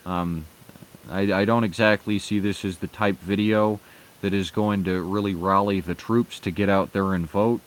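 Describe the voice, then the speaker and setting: A man's voice: sits low, fairly even intonation, moderate pace. A man giving casual, sarcastic commentary with lots of hesitant fillers and some swearing.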